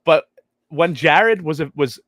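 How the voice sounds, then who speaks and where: A man's voice: fairly high pitch, expressive, slow pace, fairly bright tone, no room sound. Hesitant man podcast co-host, dry sound. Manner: hesitant, reads listener comments. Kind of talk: casual chat.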